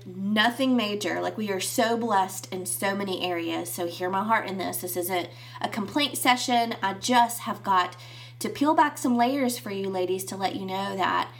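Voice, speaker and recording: A woman's voice: medium pitch, fairly bright tone, distant mic. A woman in her thirties hosting a faith-based podcast, chatty and confessional, her voice nasal and stuffy from crying. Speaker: podcast host.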